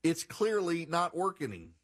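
A man's voice: fairly high pitch, very animated, measured pace, fairly bright tone. A man hosting a political talk radio show, giving incredulous, sarcastic commentary and reading passages aloud.

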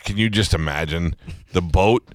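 A male radio show host telling a story in casual comedic banter as an animated storyteller. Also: sits low, normal speed, dry recording, studio quality.

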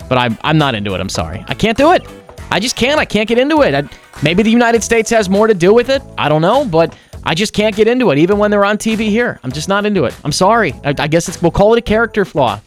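A man's voice: sits high, big pitch swings, fast talker, soft background music. A man co-hosting a sports talk radio show, giving emphatic, opinionated takes and complaints.

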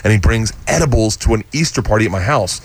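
Fast-talking man telling a story. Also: fairly low pitch, breathy edge. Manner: animated storyteller, acts out quotes. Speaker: comedian guest. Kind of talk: storytelling in casual chat.

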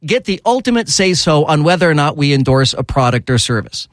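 Animated male talk radio host. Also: a little fast, few pauses, no echo. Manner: animated and exasperated, voice jumps high when riled up. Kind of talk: casual talk radio banter. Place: radio studio.

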